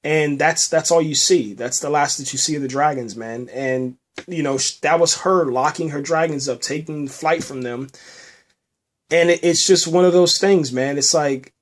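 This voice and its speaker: A man's voice: fairly high pitch, moderate pace. A man hosting a podcast, recapping a TV episode in a rambling, emotional way, restarting often and ending phrases with "man". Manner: somber, emotional. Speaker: podcast host reviewing a TV episode. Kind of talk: casual spoken episode review.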